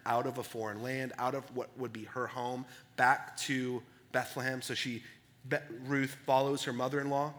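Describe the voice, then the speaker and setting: A man of ordinary pitch delivers a sermon as a pastor. His manner is earnest and conversational, and he keeps checking in with "right?". He moves between hushed, reflective stretches and loud bursts of excitement. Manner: earnest, asks "right?" often.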